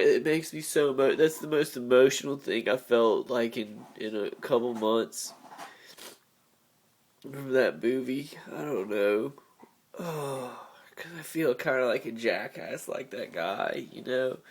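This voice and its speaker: A man's voice: medium pitch, a little slow, a little mellow. A man recording a confessional video journal, talking in an emotional, rambling way with lots of filler words. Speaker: vlogger.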